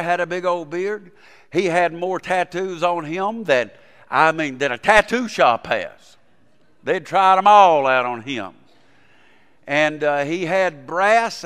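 Male pastor, folksy sermon delivery with fervent peaks, higher voice, reverberant church. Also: a bit bright, clean tone. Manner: folksy storytelling, rising to fervent preaching. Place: church sanctuary.

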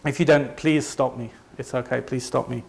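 In a creaky, mid-range voice with fairly even intonation and a moderate pace, a Leeds man presents to a live audience. He is a company presenter with a Northern English accent from the north of England, and his manner is conversational and self-deprecating.

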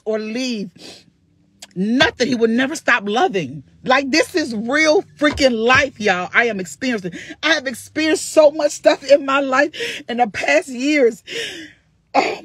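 A husky-voiced grandmother gives a fervent, preacherly testimony into her phone, laughing and crying at the same time. The sound is close and dry, with no room around her. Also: on the high side, a bit bright, dry recording. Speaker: vlogger. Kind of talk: emotional testimony to followers.

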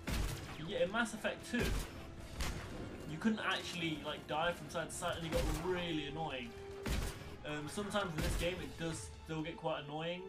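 A man's voice: fairly high pitch, normal speed. A young man giving casual, rambling gameplay commentary, sounding tired and swearing when things go wrong. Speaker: gaming YouTuber. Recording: game music loud behind the voice. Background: game music and sound effects.

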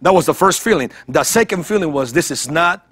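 A man giving a heartfelt, animated testimony as a guest in a TV interview, acting out other voices as he tells it. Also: on the high side, a little fast, slightly rough. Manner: animated storytelling, acts out voices, repeats words. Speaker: guest evangelist.

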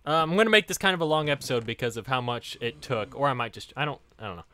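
A man giving casual Let's Play commentary to his viewers, excitable, exclaiming and laughing often. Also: medium pitch, fast. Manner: talks directly to viewers. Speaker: gaming YouTuber.

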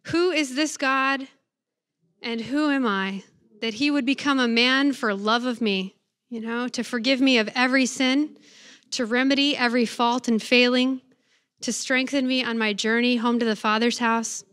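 A woman, a religious sister, giving a faith talk to students. She reads scripture slowly and reverently and tells stories playfully. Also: on the high side, steady tone, a bit bright, clean tone, no room sound.

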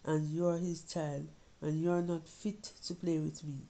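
A woman's voice: low-pitched, level tone, unhurried, mellow, poor audio. A woman reading a story voices a spiteful, spoiled young girl who speaks with contempt. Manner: nasty, contemptuous.

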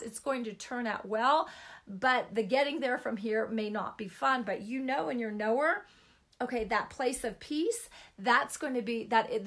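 A woman's voice: a little high, a bit bright. A middle-aged woman giving an informal Christian teaching talk, chatty and emphatic, repeating words for stress.

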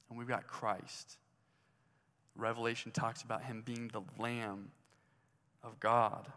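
Slow-speaking male preacher in a hall. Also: medium pitch, steady tone, fairly bright tone. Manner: conversational, asks the listeners questions. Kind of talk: sermon. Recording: hall reverb.

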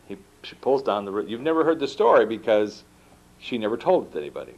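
A man giving a book talk, telling stories in an animated way and acting out the dialogue. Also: on the low side, quick pace, muffled recording. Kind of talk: storytelling lecture. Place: lecture room at an institute.

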